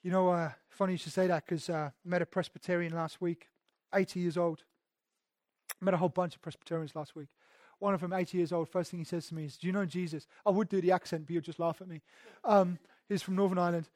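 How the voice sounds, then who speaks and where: A man's voice: high voice, fairly even intonation, fast talker, darkish tone, dry recording, clean studio sound. A man, a pastor, preaching a sermon conversationally and emphatically, often repeating words as he goes.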